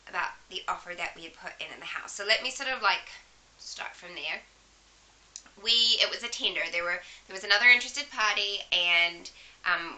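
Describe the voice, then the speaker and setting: Bright New Zealand woman with a head cold. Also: medium pitch, rough recording. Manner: chatty storytelling with asides, coughs and throat clearing. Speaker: vlogger. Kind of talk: casual chat to camera.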